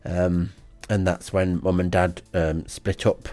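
A man reading out a comic diary in a deadpan, rambling way. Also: low-pitched, slow. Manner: deadpan and rambling, with frequent ums. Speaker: comedy podcast host.

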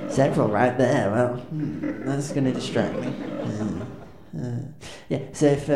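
With a creaky, mid-range voice, a band's comedic frontman fumbles through self-deprecating stand-up patter, hesitating, restarting, and saying um a lot. The room is echoey with faint ambience.

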